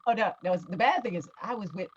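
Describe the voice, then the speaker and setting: A woman's voice: medium pitch, a little fast, highs cut off, a little hiss or hum. A woman chatting casually as a co-host, laughing often and chiming in with short replies. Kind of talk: casual chat.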